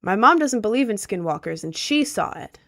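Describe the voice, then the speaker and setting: A woman's voice: medium pitch, animated, a little fast, a bit bright. Chatty twenty-year-old woman streaming. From Maryland, US. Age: about 20. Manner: chatty, reads chat aloud, lots of ums and likes. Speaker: livestream host. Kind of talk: casual livestream chat.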